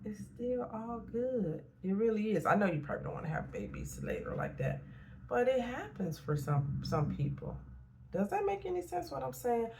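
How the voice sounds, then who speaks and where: A woman's voice: a little high, very animated, normal speed, a little mellow, a little hiss or hum. A middle-aged woman, a therapist and life coach, talking frankly in a casual motivational vlog and repeating points for emphasis.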